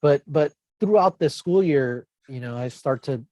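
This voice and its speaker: This teacher and podcast co-host rambles through anecdotes in a relaxed chat, changing his tone to imitate the kids he quotes. He speaks at a measured pace in an expressive, slightly mellow, high-leaning voice, recorded lo-fi without echo.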